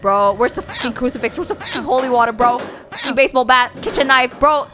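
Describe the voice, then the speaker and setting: A woman's voice: sits high, fast talker, over music. A woman streamer reacting live to scary videos, swearing and pleading with the screen. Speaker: VTuber streamer.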